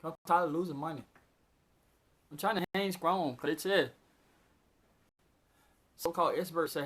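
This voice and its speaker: A man's voice: fairly high pitch, moderate pace, pauses often. Rambling man reading news. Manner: reads news items aloud, then riffs on them excitedly. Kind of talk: casual unscripted commentary.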